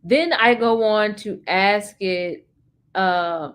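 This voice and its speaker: A woman's voice: medium pitch, drawn-out words, clean tone. A woman streaming solo, reading chatbot answers aloud in an earnest, emphatic way and adding her own remarks, with hesitant fillers between passages.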